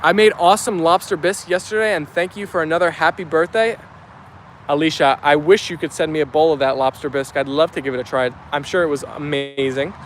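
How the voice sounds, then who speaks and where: A young man with a New York Italian accent chats brightly outdoors, his voice sitting high for a man. He reads comments aloud in an upbeat, easygoing way, full of little fillers. Faint traffic hums behind him. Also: a little fast. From New Jersey. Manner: chatty, upbeat, many fillers. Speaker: vlogger reading live chat. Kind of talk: casual chat reading comments aloud.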